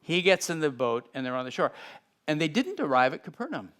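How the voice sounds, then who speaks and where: Animated man teaching the Bible. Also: fairly high pitch, brisk. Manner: animated, acts out scenes with sudden shifts in loudness. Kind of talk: Bible teaching, reading aloud with asides.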